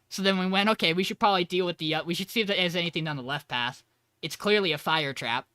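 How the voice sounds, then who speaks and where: Man, podcast co-host, bright voice, dry close sound, casual storytelling, acts out quotes. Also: high-pitched, fairly quick, clean tone, no room sound. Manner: lively retelling, acting out quoted lines.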